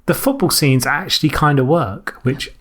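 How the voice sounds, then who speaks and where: A man co-hosting a film podcast, talking at length in a quick, explaining way. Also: on the high side, fairly bright tone. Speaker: podcast co-host. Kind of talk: casual film chat.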